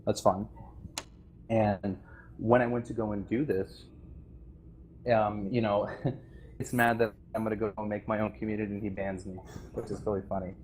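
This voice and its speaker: A man's voice: on the low side, flat delivery, moderate pace, long pauses, a little mellow, a little hiss or hum. A man giving an impassioned, rambling voice-chat speech to players about the game server community he left, full of restarts and nervous laughs. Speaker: former game server staff member addressing players. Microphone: voice chat microphone.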